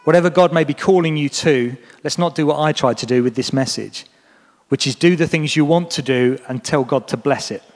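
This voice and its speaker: Speaking briskly in a voice on the high side, a man delivers an earnest, encouraging sermon to his congregation. The long reverb of the church hall he's in is audible throughout.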